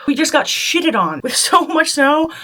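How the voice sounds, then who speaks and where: A woman's voice: high-pitched, sing-song, a little slow, bright, forceful tone. A woman at her makeup table chatting casually through a makeup tutorial, self-deprecating and laughing often. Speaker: beauty vlogger.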